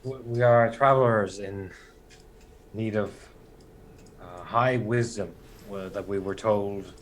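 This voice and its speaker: Low-voiced man playing a tabletop game, halting phrasing, casual manner. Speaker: player.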